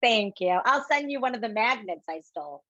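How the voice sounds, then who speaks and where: Playful woman guest, fairly high voice. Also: lively intonation, a bit bright, dry recording, highs cut off. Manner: playful, quick jokes. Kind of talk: casual chat.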